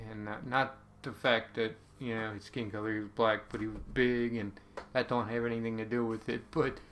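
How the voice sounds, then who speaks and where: A man's voice: lowish voice, a bit bright, slight background noise. A man casually telling a personal story to camera, rambling with lots of ums and uhs.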